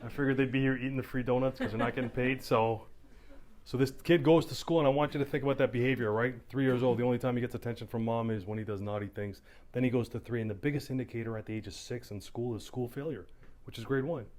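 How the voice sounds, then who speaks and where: A man's voice: medium pitch, quick pace. A middle-aged man from Canada, a police officer, telling stories animatedly to a town hall audience. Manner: animated storytelling, acting out voices. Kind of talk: community town hall talk. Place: community hall.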